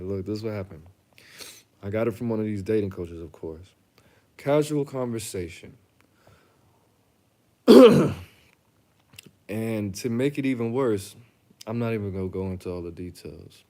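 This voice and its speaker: A young man holds forth in a loose, casual monologue, blunt and full of jokes and slang. His voice sits on the low side, and he tells his stories with a dry, teasing bite. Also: warm tone. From Chicago. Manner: blunt, joking, storytelling with slang. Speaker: reaction channel host.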